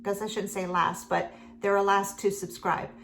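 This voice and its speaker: A woman's voice: mid-range voice, little pitch movement, moderate pace, creaky, fairly bright tone, slight background noise. A middle-aged woman chatting casually at home while doing her makeup, rambling and chatty with many fillers. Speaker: beauty vlogger.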